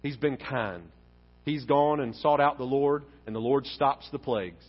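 A male pastor preaching a sermon in a church, speaking in an animated way and acting out the lines of the people in his story. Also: medium pitch, unhurried. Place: church sanctuary. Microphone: wearing a face mask. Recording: dull sound with long hall reverb.

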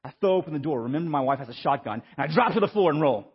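A man, preaching a sermon and telling a story in an animated, stammering, self-mocking way. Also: on the high side, racing, slightly rough. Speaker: pastor. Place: church sanctuary. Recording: muffled sound with long hall reverb.

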